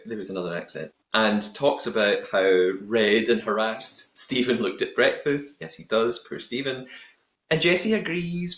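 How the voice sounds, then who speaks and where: A man hosting a podcast, recapping a reality show in a chatty, giggly, animated way. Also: medium pitch. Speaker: podcast host. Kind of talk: casual recap chat. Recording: roomy echo.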